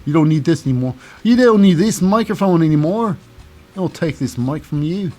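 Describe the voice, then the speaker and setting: A man's voice: a little high, lively intonation, moderate pace, darkish tone, soft background music, natural voice. A man putting on a patchy Australian accent to impersonate a commanding female wrestling leader who scolds her faction. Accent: put-on Australian, slipping in and out.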